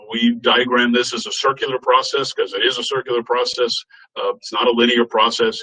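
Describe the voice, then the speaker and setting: A man's voice: medium pitch, pushed and bright, breathy edge, poor audio. A middle-aged American man giving an earnest seminar lecture, often restarting his phrases with fillers. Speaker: guest speaker.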